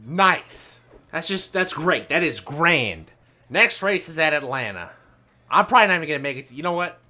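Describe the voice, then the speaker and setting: A man giving live commentary on a racing game, grumbling and ranting, swinging from low muttering to loud outbursts. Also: expressive, normal speed. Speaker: gaming video host. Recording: game engine noise behind voice. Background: racing game car sounds.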